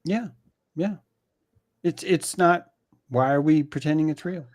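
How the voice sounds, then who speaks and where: A man's voice: fairly high pitch, unhurried, darkish tone, no echo, studio quality. A man as a guest, talking in a profane, ranting way in an opinionated conversation.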